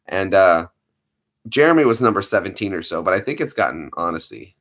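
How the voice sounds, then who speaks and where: A man hosting a casual live stream, chatting playfully with his viewers in an animated way. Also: sits low, fairly quick.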